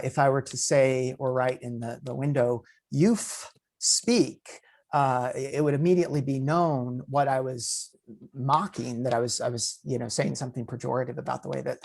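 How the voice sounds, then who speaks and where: Male linguist on a panel, gravelly voice, restarts a lot, measured academic talk. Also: medium pitch, darkish tone. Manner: stammering repeated starts, measured. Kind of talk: academic discussion. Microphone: video call.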